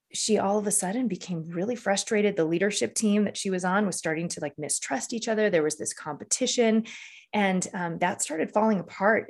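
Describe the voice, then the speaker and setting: A woman leadership coach telling a client story in an earnest, conversational way, often checking in with "right?". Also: mid-range voice. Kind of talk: conversational interview.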